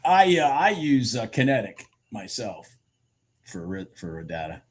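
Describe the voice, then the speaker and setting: A husky-voiced man talks through his trades live from his desk, his pitch swinging widely as he gets excited. He swears casually and mutters to himself between remarks to viewers. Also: measured pace. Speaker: futures trader streaming live. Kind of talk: live trading commentary.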